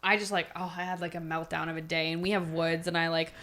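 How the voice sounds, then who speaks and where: A woman in her late twenties from Ontario, Canada, a podcast guest telling a story in lively casual chat, with "like" in nearly every phrase. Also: deep voice, fast. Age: late 20s. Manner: animated storyteller, peppered with "like".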